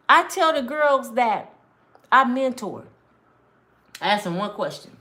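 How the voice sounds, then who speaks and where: A woman's voice: high voice, expressive, slow pace, pauses often, sharp tone. A woman, giving an emphatic, conversational talk about relationships as a mentor. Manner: emphatic, conversational street-preacher delivery with acted quotes. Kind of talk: preachy monologue to camera.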